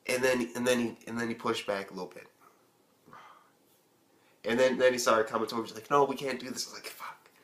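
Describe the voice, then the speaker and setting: A young man reviewing an anime episode on his own channel, talking in an excitable, rambling way and swearing often. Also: medium pitch, a little fast, long pauses, reverberant. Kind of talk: casual video review.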